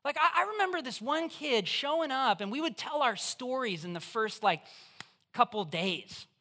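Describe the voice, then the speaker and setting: A preacher giving a conversational, animated sermon in church, putting questions straight to the listeners. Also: high-pitched, moderate pace. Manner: acts out voices in quotes.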